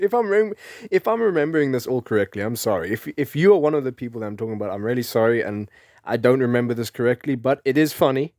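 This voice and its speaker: Animated young man storytelling. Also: medium pitch, fast talker, dry recording, clean studio sound. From South Africa. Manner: rambling, animated, laughs often. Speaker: vlogger. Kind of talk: casual storytelling.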